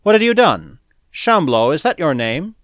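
A man voicing a blunt, tough male space adventurer who speaks in curt, forceful questions. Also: on the high side, very animated, moderate pace, no echo, clean studio sound. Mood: brusque. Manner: curt, brusque questions, louder than narration.

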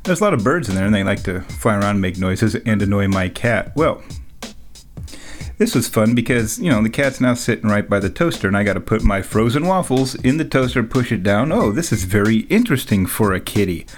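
A man's voice: lowish voice, animated, brisk, soft background music. A man telling a rambling, jokey story in a casual monologue, often laughing as he talks.

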